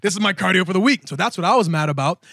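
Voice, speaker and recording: Animated man telling a wrestling story. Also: very fast, no echo, studio quality. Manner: animated, jumps into high silly voices to act out crowds. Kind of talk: casual storytelling.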